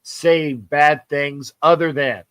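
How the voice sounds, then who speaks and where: A man's voice: fairly high pitch, fairly even intonation, slow, fairly bright tone, clear, resonant tone, no echo. A man hosting a casual sports talk show, rambling, repeating words and joking. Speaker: host.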